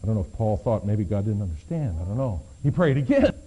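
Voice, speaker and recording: A man preaching a sermon, shifting between hushed low passages and emphatic raised appeals. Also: sing-song, quick pace, breathy edge, low-quality recording. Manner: dramatic, swings from hushed to emphatic. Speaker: pastor.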